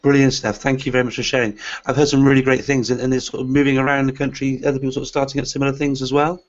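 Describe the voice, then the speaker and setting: A man's voice: medium pitch, flat delivery, racing. A man hosts a live online teacher webinar, and his introductions keep stopping on "uh" and "um". The call audio is dull and lo-fi. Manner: hesitant, many "uh" fillers. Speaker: host.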